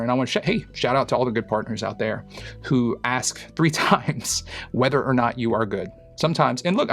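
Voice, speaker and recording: A psychologist with a gravelly, medium-pitched voice gives reaction commentary on a clip. He explains things casually, using lots of fillers and analogies.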